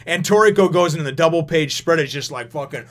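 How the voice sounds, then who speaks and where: A man giving a casual manga review, rambling and animated, who swears freely and laughs often. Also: fairly high pitch, fast talker.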